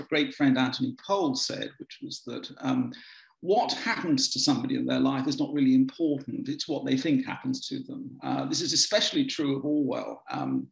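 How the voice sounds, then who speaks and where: A man's voice: mid-range voice, vocal fry, roomy sound, poor audio. A man giving a biographer's talk, telling anecdotes with many restarts and ums in a dry, wry way.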